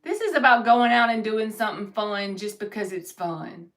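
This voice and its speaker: A woman's voice: mid-range voice, moderate pace, fairly bright tone. A woman giving a live-streamed tarot reading, reading viewers' comments aloud and answering them in an upbeat, encouraging way. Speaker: tarot reader.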